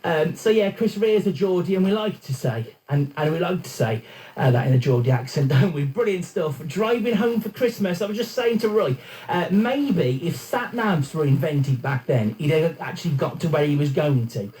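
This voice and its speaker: A man presents an evening radio show in a loose, chatty way. His voice sits a little high but sounds mellow and soft-edged. He rambles, corrects himself and fills gaps with ums. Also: expressive, normal speed, low-quality recording. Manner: chatty, rambling, with many fillers. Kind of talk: casual radio chat.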